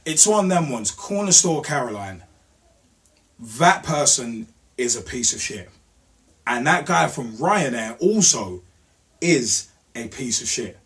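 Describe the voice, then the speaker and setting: A man hosting a blunt opinion rant, swearing and repeating himself, his voice jumping high when he gets heated. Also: a bit bright. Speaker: host of a rant show.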